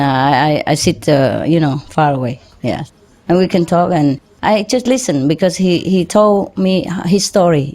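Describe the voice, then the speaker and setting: A woman, a spiritual teacher telling a personal story to an audience, halting and informal, often laughing softly. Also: fairly low pitch. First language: Vietnamese.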